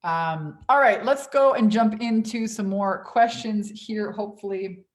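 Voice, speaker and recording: A woman's voice: mid-range voice, unhurried. Brash swearing woman coach on a livestream. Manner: brash, swears freely, reads out viewer comments. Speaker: business coach hosting a livestream Q&A. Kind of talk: casual livestream chat. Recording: echoey room.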